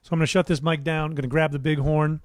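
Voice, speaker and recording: A man's voice: fairly high pitch, flat delivery, quick pace, no room sound. A middle-aged man hosting a casual livestream from his recording studio, rambling between answers with plenty of fillers and restarts. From United States. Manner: rambling, warm asides, many fillers and restarts.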